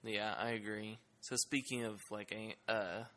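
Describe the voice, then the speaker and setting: A man's voice: lowish voice, steady tone, a little slow, sharp tone. A man co-hosting a casual TV podcast who jokes and teases his co-hosts. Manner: joking, teasing. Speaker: podcast co-host. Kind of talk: casual TV discussion.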